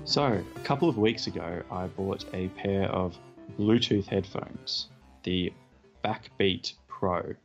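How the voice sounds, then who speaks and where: A man's voice: deep voice, takes it slowly, gravelly, soft background music. A man co-hosting a podcast, telling a self-deprecating story in casual chat. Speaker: podcast co-host. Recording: dull lo-fi podcast audio.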